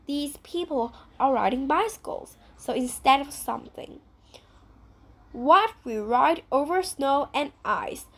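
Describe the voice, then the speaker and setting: A woman with a Vietnamese accent leads a vocabulary lesson for children. She speaks slowly in a high voice, repeating each new word and checking with simple questions. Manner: slow, repeats words, asks simple questions. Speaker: English teacher.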